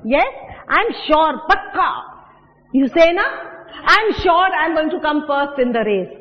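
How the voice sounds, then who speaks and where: A woman's voice: high-pitched, animated, a little fast. A woman teacher with an Indian accent explaining English words to pupils, asking them questions and mixing in Hindi. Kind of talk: classroom English lesson. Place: classroom. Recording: dull echoey classroom recording.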